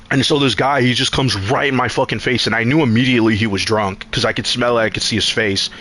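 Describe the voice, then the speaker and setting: A man's voice: mid-range voice, steady tone, a little fast, fairly bright tone. Rambling profane male streamer. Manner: rambling, profane, acts out quotes in a raised voice. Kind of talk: casual storytelling while gaming.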